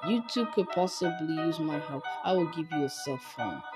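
A woman voicing a gentle, sorrowful motherly caretaker in a fan game, speaking softly and formally with halting apologies. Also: low-pitched, animated, over loud music, voice pushed down. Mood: tender. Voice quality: soft, quiet and hushed. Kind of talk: fan game dialogue read aloud.

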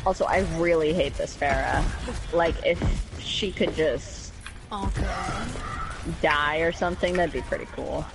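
Chatty sarcastic gamer on voice chat, game music clear behind. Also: medium pitch, measured pace, pauses often, low-quality recording. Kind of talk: casual chat while playing.

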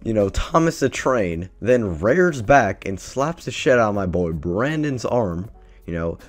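A man's voice: on the low side, sing-song, unhurried, no echo. A man vlogger telling a story casually, swearing a lot and sounding exasperated. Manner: profane, exasperated, rambling.

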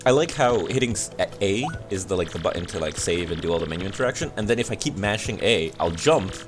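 An excitable young man streaming a video game and joking his way through it. His voice jumps all over the place, with game music playing loudly behind him. He swears freely and cracks jokes. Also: low voice, quick pace. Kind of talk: casual gameplay commentary.

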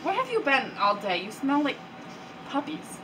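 A woman's voice: high-pitched, very animated, moderate pace. A woman playing a strict, exasperated young woman. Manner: scolding, impatient. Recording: distant mic with hiss.

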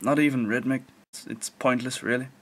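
A man's voice: mid-range voice, fairly even intonation, brisk, a bit bright. A young Dutch man, a non-native English speaker, rambling self-mockingly in a casual vlog. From Netherlands. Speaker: vlogger.

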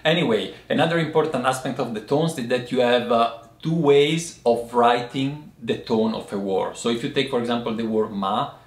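Man explaining tea words in an echoey room. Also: medium pitch. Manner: patient, explaining step by step with frequent pauses. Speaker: tea teacher. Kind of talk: language and tea lesson.

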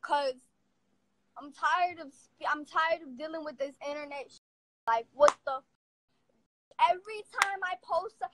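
A woman ranting to camera in a confrontational, profane, rapid-fire way. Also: high voice, a little hiss or hum, poor audio. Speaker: vlogger. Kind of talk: angry casual rant to camera.

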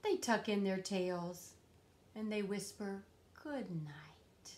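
A young woman reading a picture book aloud to children in a sing-song, expressive way, sometimes dropping to a whisper. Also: mid-range voice, takes it slowly, slight background noise. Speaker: storytime host.

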